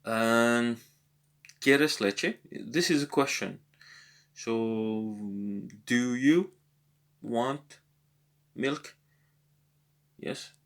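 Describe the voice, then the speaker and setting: A man talking through a language exercise, thinking aloud in a hesitant way and slowly sounding out foreign words. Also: medium pitch, steady tone, a little hiss or hum. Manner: hesitant, thinking aloud with many pauses and repeats. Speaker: language lesson vlogger working through exercises. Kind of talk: casual think-aloud tutorial.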